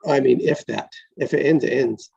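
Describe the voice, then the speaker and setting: A man hosting a casual online script-reading session and prompting the others in a relaxed way, heard over a video call. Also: medium pitch, moderate pace, creaky, slightly rough, dull audio. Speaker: host. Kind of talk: casual group chat.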